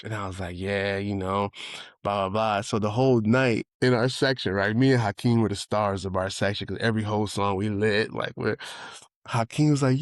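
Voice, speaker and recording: A man's voice: normal speed, dry recording, studio quality. A man in his forties with a New York accent, a podcast host telling a personal story in a loose conversational way and acting out quotes. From Brooklyn, New York. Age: 40s. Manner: loose, conversational, acts out quotes with excited higher voice. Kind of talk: reflective casual storytelling.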